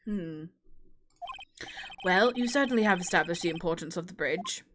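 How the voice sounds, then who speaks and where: A woman's voice: fairly low pitch, moderate pace, noisy background, voice pushed down, natural voice. A woman voicing a stern older male judge in a put-on posh English accent, prim and fussy.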